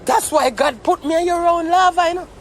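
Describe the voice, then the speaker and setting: A man's voice: extremely high pitch, brisk, noisy background. A young Jamaican man ranting on a live stream, mock-tearful and theatrical. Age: young adult. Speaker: social media commentator.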